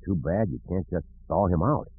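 A man voicing a gruff, impulsive middle-aged man in an audiobook, speaking grimly and curtly. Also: low-pitched, expressive, normal speed. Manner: grim and clipped. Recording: narrow phone-like audiobook recording.

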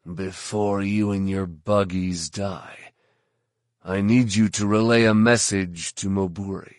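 Male narrator playing a low, slow, dry-spoken bounty hunter, blunt and sardonic. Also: fairly even intonation, dry recording. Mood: curt.

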